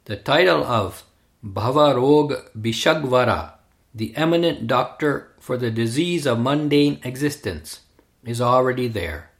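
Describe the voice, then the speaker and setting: A man reading a first-person memoir aloud in a measured, deliberate way. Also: medium pitch, gravelly. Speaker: reader. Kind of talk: scripted narration of a memoir.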